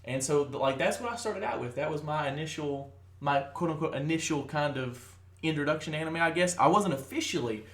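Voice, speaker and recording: A man's voice: fairly high pitch, brisk, few pauses, reverberant. A young man in his twenties co-hosting a casual podcast, rambling with fillers and restarts. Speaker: podcast co-host. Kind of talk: casual chat.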